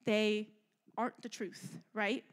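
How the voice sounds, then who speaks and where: A young adult woman giving a youth sermon in an animated, chatty way, often checking in with "right?". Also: medium pitch, takes it slowly, clear, resonant tone. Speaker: youth speaker.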